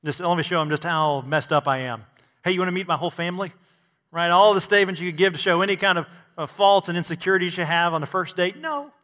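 A man preaching to a gathered church, his high, bright voice carrying through a reverberant hall. He asks rhetorical questions and slips in touches of humor. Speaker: pastor. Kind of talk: sermon.

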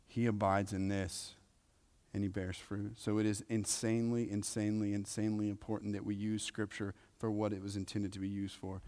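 A man preaching a sermon, emphatic, repeating key phrases and swinging between loud and soft. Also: on the low side, flat delivery, a little fast. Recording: long reverb of a large hall.

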